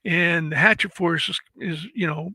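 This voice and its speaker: A man's voice: on the high side, steady tone, moderate pace, bright, forceful tone, slightly rough, no room sound, rough recording. A man in his seventies, a former Marine, telling war stories in a casual interview with laughs and swearing. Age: 70s. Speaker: guest, former Marine and actor.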